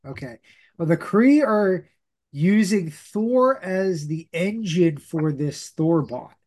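A man hosting a podcast casually recaps a comic book story, rambling with plenty of fillers and restarts. His voice is high-pitched and expressive, slow, with a darkish tone.

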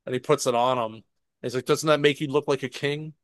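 A man in casual podcast chat, retelling a show in an animated way and swearing freely. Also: medium pitch, a little fast, dry recording. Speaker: podcast co-host.

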